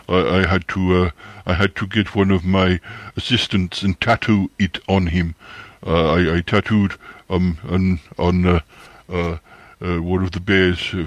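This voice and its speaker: A man voicing a self-important, pie-eating male creature who calls himself a celebrity and rambles with many halting pauses. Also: sits low, dry recording.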